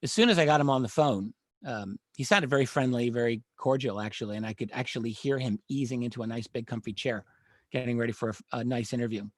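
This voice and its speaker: A middle-aged man, a panel guest, telling a long story in a measured, earnest way and often pausing with uh and um. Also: mid-range voice, no room sound, studio quality. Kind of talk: live panel discussion, recounting a story.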